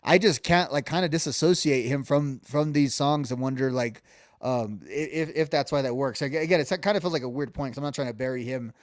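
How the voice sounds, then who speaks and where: A man's voice: mid-range voice, a little fast, no room sound, clean studio sound. A man co-hosting a casual music podcast, talking loosely with many restarts and fillers. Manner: rambling, many restarts and fillers, hums melodies. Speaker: podcast co-host.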